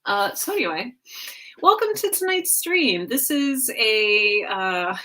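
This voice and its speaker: A woman's voice: on the high side, sing-song, takes it slowly, pushed and bright. A woman hosting a casual weekly livestream from home, chatting with her viewers in a rambling way, full of fillers and self-corrections. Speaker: livestream host. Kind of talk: casual chat with a live audience.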